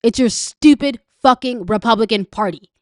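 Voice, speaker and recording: Canadian woman ranting about politics, swears a lot, sarcastic, higher voice, dry close sound. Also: moderate pace, no room sound. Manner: angry, profane, sarcastic. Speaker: political commentator. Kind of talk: ranting reaction commentary.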